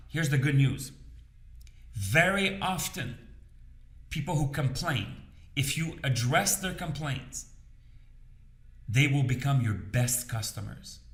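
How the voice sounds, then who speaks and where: A man with a mid-range voice, recorded in a roomy space, gives casual advice to business owners on camera. He's conversational, repeats phrases, and keeps checking in with "okay?" and "you understand?"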